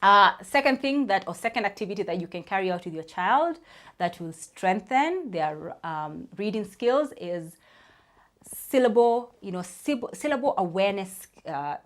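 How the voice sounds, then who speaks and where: A woman's voice: mid-range voice, animated, moderate pace, fairly bright tone. A woman in her thirties, a speech therapist, explaining reading tips to parents in a chatty way, often saying "you know" and spelling out sounds.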